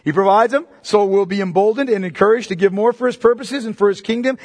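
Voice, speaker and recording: A man preaching a sermon as pastor, emphatic and repetitive, swinging between loud and hushed delivery. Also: sits high, lively intonation, brisk, hardly any pauses, long reverb tail.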